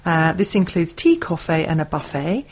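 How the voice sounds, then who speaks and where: A woman's voice: sits low, expressive, normal speed, darkish tone, husky, lo-fi sound. A woman co-hosting a local radio show, reading event announcements and teasing her co-host.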